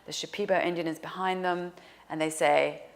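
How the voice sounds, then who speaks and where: A woman telling a personal story in an animated way, dropping to a hushed whisper for quoted lines. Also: on the low side, moderate pace. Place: lives in New York.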